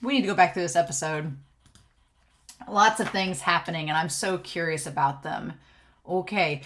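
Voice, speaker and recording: Excitable woman thinking aloud in a recap. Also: medium pitch. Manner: excitable, thinking aloud, often asks "right?". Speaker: anime episode reviewer. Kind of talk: casual episode recap and commentary.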